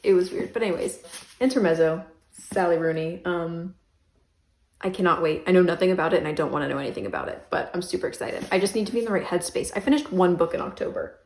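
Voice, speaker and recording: A young woman book vlogger chats casually about her books from an echoey bedroom, rambling and poking fun at herself with lots of "um" and "like." Her voice sits on the low side with a darkish tone, and she talks fast.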